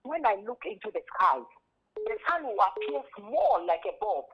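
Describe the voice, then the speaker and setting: A woman's voice: medium pitch, big pitch swings, breathy edge. Woman calling in, muffled phone sound, hesitant, lots of restarts. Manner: hesitant, halting retelling. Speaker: caller. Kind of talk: phone-in call.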